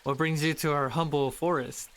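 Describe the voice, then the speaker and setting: A man's voice: a little high, steady tone, normal speed, a bit bright, a little hiss or hum. A man voicing a self-important male lutin mushroom master in a mock French accent, theatrical and chuckling. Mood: welcoming.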